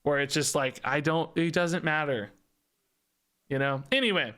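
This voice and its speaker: A man streams a card game, ranting fast and animatedly in exasperation, laughing often and repeating words. His voice sits a little high.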